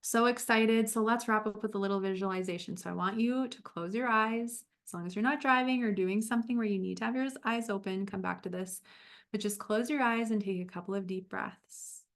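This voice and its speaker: On a livestream, a woman health coach speaks warmly to her viewers, shifting from a program pitch into a guided visualization. She's brisk, upbeat and encouraging, with some vocal fry.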